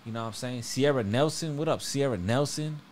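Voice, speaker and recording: A man's voice: medium pitch, a little fast, slight background noise. A man hosting a live music review stream, joking around in loose, profane slang and thanking viewers for tips. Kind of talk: casual chat, reviewing submitted songs. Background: music playing.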